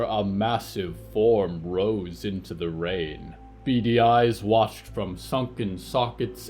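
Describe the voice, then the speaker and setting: A man narrating scripted horror fiction in a measured, steady way. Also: on the low side. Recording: soft music bed under narration.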